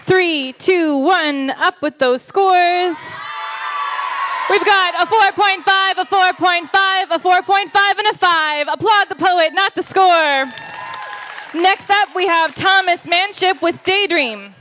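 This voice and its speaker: An emcee at a poetry slam calling out judges' scores with loud, drawn-out calls. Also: very high voice. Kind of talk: announcing scores. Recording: noisy crowd in hall.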